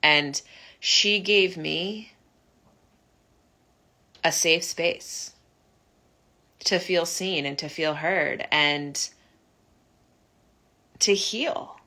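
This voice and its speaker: Brief: young woman, low pitch, bright forward tone, earnest personal vlog confession with halting restarts. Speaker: vlogger sharing her recovery story. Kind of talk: personal reflective monologue.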